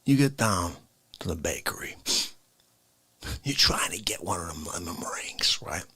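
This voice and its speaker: A man putting on an indignant Italian tough guy from the Bronx, ranting slowly and dropping from shouts to hushed whispers. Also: low voice, animated, husky, no echo, heavily acted. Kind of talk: comedic character monologue.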